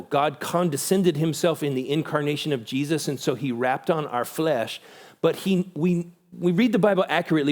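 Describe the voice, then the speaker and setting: A man giving a church conference talk, animated, acting out quoted voices with big pitch jumps. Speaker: conference speaker.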